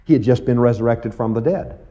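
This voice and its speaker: A man preaching an evening Bible teaching in a folksy, conversational way, often saying "you see" and "okay.". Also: brisk. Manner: animated, acts out quoted voices with big pitch jumps. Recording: muffled lo-fi recording.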